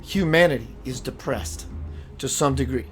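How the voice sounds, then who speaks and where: A man's voice: medium pitch, moderate pace, soft background music. A man hosting a live spiritual talk show, speaking emphatically and calling his viewers sister and brother as he reads their comments.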